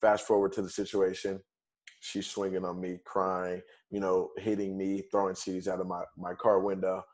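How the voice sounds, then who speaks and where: A man, a guest on a podcast, telling a personal story in a casual, conversational way, moving through events in quick steps. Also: sits low, monotone, a little mellow. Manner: conversational, retells events in quick steps with "bam" and "fast forward".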